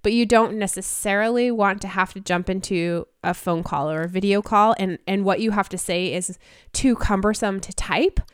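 A woman co-hosting a podcast in casual chat, animated and quick to laugh. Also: mid-range voice, clean tone, dry recording, studio quality. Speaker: podcast co-host.

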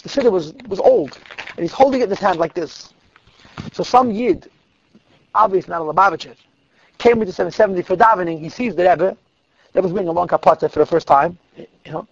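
Man storyteller, high gravelly voice, husky, vivid dramatic telling, dull dry lo-fi recording. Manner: vivid, dramatic, drops to a hush at tense moments. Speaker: storyteller speaking to girls. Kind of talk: animated storytelling talk.

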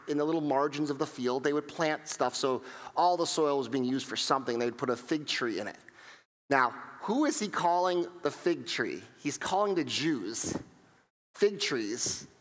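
A man preaching a sermon, telling stories in an animated way and acting out what people said, often repeating and restarting his words. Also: a little high, big-room sound. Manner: animated storytelling with acted-out quotes; frequent repetitions and restarts. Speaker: pastor.

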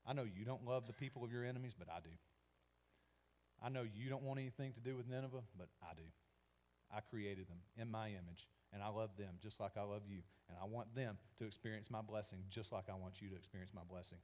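A man preaching, speaking as God in a calm, firm and reasoning way. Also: lowish voice, quick pace, few pauses, pitched below the performer's own voice, lightly acted. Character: patient, merciful divine voice of God.

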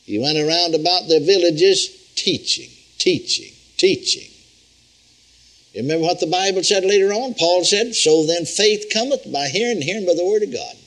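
An older man preaching a sermon in a folksy, animated teaching manner, repeating phrases for emphasis. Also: high-pitched, normal speed, rough recording. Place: church healing school.

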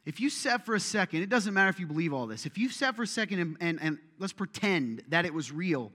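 A man preaching a sermon, animated and joking, with self-deprecating asides, in a church auditorium. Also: sits high, quick pace. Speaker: pastor. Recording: long reverb of a large hall.

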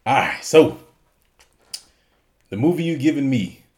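A man's voice: mid-range voice, animated, a little slow, darkish tone. A man co-hosting a movie podcast in casual chat, laughing often and telling scenes with animation. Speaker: podcast co-host.

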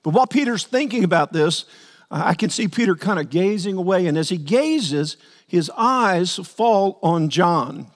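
A man's voice: sits high, expressive, measured pace. A male pastor preaching a sermon earnestly, repeating words as he builds his points and acting out the quotes. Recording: long hall reverb.

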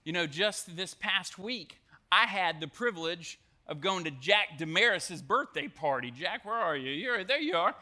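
A man preaching a sermon to students, telling a story in an animated way with jokes and asides. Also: high-pitched, moderate pace. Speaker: youth pastor.

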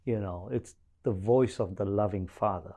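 A man co-hosting a Bible-study chat, measured and pausing with hesitant fillers. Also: fairly low pitch, warm tone. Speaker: co-host.

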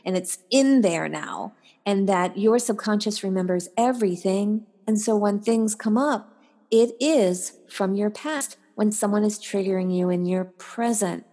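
A woman guest on a podcast interview, a life coach who tells stories with animation and acts out the voices in them. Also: a little slow. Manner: animated storyteller, acts out voices with big pitch jumps.

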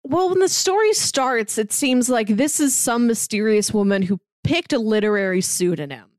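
A woman co-hosting a casual book discussion podcast, relaxed and often saying "like". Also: on the high side, moderate pace, no room sound, studio quality. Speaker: podcast co-host.

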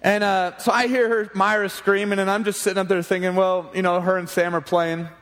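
Male youth pastor, 30s, lively anecdote in a reverberant hall. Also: sits high, brisk. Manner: animated, laughing anecdote telling. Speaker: junior high pastor. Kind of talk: storytelling sermon.

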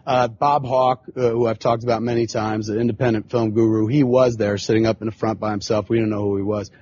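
A man's voice: on the low side, level tone, a little fast, darkish tone, muffled recording, slight background noise. A man in his forties hosting a podcast, telling a long casual story full of swearing and filler phrases. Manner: profane, rambling, frequent filler phrases. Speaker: podcast host.

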